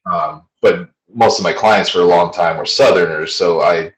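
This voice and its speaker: A man's voice: low voice, normal speed. A man hosting a casual podcast chat, telling blunt, swearing stories in a neutral American accent. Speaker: podcast host. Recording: roomy echo.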